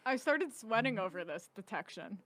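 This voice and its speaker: A woman in her early thirties, a comedian guest on a podcast, trading teasing, quick-witted banter in casual chat. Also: medium pitch, lively intonation, fairly bright tone, dry recording. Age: 30s.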